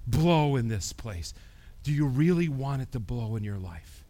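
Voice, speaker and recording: A man preaching a sermon, swinging from quiet talk to loud preaching and asking the congregation questions. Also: medium pitch, very animated, measured pace. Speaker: pastor.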